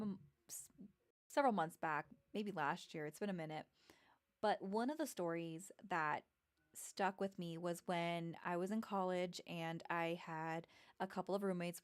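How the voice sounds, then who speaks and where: A woman's voice: on the low side, smooth. A woman in her thirties telling personal stories in a rambling, casual way, with many fillers and restarts. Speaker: vlogger. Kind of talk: casual storytelling.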